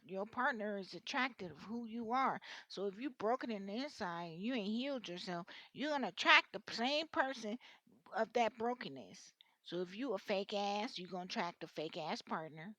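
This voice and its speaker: A woman's voice: on the high side, fairly bright tone, dry recording. A woman giving a casual tarot reading, talking bluntly in rambling, slangy speech full of cussing. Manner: blunt, slangy and openly vulgar; rambling, with frequent restarts. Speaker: tarot reader.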